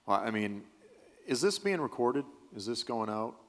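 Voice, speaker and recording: A man's voice: medium pitch, very animated, normal speed. Man telling stories in a reverberant church. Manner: earnest anecdotal storytelling, acting out quotes. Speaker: Bible prophecy teacher answering audience questions. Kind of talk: storytelling in a church Q&A. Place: church sanctuary during an evening service. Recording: long hall reverb from a large church.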